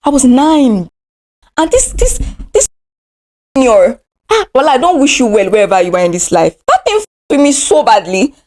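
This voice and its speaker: Speaking at normal speed in a high voice, a young Nigerian-accented woman vlogs about a dramatic personal experience. Her casual retelling is lively and theatrical.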